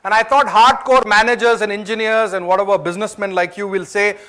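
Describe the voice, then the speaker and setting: An Indian man with a high voice and an Indian English accent, giving a motivational management talk. He tells his story in a chatty way, pauses with fillers and checks in with the audience with quick questions. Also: steady tone, bright, forceful tone. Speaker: speaker at a management training event.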